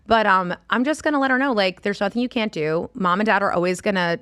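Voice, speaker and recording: A woman's voice: mid-range voice, quick pace, a bit bright, dry recording. Casting note: woman in her 40s, candid chatty guest, swears and laughs, very dry close sound. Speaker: podcast guest. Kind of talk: casual chat.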